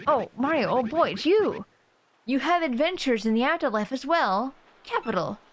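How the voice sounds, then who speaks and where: A woman reading the lines of an old male bomb-creature sea captain aloud from a game, speaking slowly with formal, old-fashioned phrasing. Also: sits high, lively intonation, pitched above the performer's own voice, low-quality recording. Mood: bewildered.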